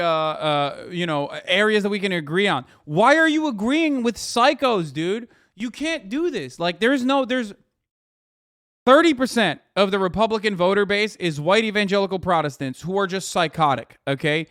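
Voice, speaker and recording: A man's voice: high voice, fairly bright tone, no room sound, clean studio sound. A man in his thirties streaming a heated, profane and sarcastic rant, reacting to the news as he talks. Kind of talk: ranting casual commentary.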